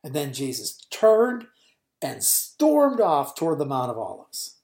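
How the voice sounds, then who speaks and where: A woman preacher retelling a scene in a sermon, with vivid storytelling that swings from booming lines to hushed ones. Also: huge pitch swings, unhurried.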